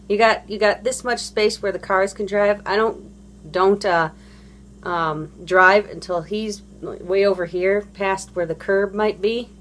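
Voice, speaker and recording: A woman and parent ranting about other drivers in a casual, rambling monologue, blunt and profane, full of fillers and restarts. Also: mid-range voice. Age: adult parent. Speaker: vlogger.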